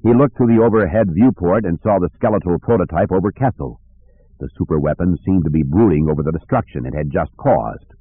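A man narrating a novel in an expressive storytelling manner. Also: low-pitched, brisk, breathy edge, no room sound. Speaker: audiobook narrator. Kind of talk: scripted narration. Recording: dry tinny phone-like audio.

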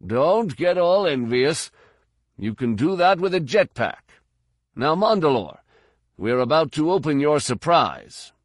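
A man's voice: on the high side, very animated, measured pace, dry recording, studio quality, pitched above the performer's own voice. A man voicing a brash, foul-mouthed male commando in a storybook reading, teasing and cocky.

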